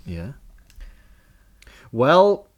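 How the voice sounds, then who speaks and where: A man co-hosting a comedy podcast, animated and jokey with quick asides. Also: mid-range voice, muffled recording. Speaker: podcast co-host. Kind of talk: casual comedy banter.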